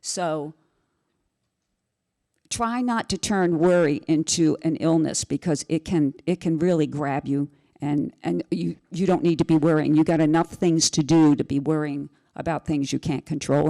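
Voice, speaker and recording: A woman with a fairly low voice speaks on a panel for carepartners. She talks earnestly and reassuringly, circling back and repeating phrases to drive a point home. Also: fairly even intonation, moderate pace, mellow. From Italian family background.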